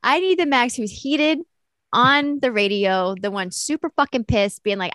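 A woman's voice: fairly high pitch, normal speed, a bit bright, dry recording. A woman co-hosting a casual chat, enthusiastic and giggly, acting out quotes. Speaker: podcast co-host.

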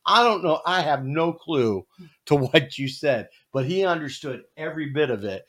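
Man, podcast host, lively swooping pitch, casual storytelling. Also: normal speed. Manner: animated, jokey storyteller.

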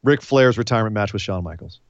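A man co-hosting a casual podcast, excitable and animated, acting out big moments with shouts and laughs. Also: on the low side, fast talker, dry recording, muffled recording. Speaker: podcast co-host.

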